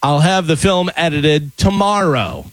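A man's voice: a little high, unhurried, no room sound. A man hosting a casual radio show, running a spelling quiz with jokes and laughs. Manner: jokey, lively quizmaster, laughs often.

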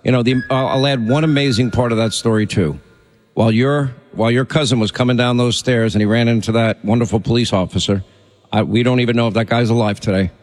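A man's voice: mid-range voice, fairly even intonation, fast, darkish tone, in a large hall. A man hosting a talk radio show, speaking in an urgent and insistent way.

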